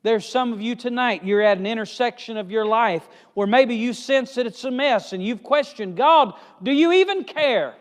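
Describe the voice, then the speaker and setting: High-pitched preacher man in a reverberant hall. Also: normal speed, hardly any pauses. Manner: emphatic preaching, pitch and loudness rising and falling. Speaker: evangelist. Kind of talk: sermon. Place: church hall.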